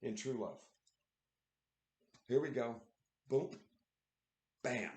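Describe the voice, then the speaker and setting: Excitable male streamer, casual commentary, recorded in an echoey room. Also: medium pitch, extremely slow, pauses often. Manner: excitable, exclaiming, laughing often. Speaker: livestream host.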